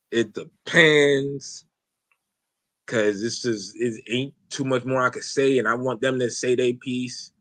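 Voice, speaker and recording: Man, podcast host, casual slang, rambling, profane, bright voice, dry close sound. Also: medium pitch, dry recording. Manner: loose, rambling, profane slang with many fillers.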